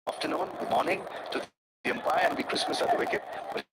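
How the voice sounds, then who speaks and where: A man giving live cricket commentary, excitable and swooping on the big moments. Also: a little high, fast. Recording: loud background noise over commentary.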